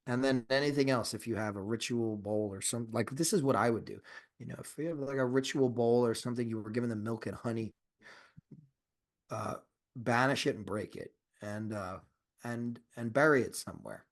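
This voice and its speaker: A man's voice: medium pitch, normal speed. A man co-hosting a podcast in casual chat, rambling with restarts and swearing, and turning emphatic and insistent when he argues a point. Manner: rambling, profane, with frequent restarts and fillers. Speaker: podcast co-host.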